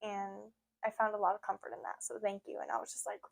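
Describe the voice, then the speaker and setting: A woman's voice: mid-range voice, monotone, fast, vocal fry. A woman hosting a podcast, sharing her faith in an earnest, emotional, chatty way with lots of fillers. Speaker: podcast host. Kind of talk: casual faith talk.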